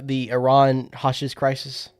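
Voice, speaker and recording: A man's voice: mid-range voice, monotone, a little slow, clean tone, no echo, clean studio sound. A young man co-hosting a podcast in casual chat, rambling, swearing and laughing as he talks. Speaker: podcast co-host.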